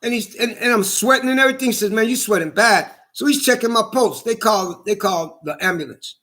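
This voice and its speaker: Ranting angrily in a personal vlog, this man is indignant and heated, cursing frequently and saying the same things over and over. He talks fast in an extremely high, bright voice with a forceful tone.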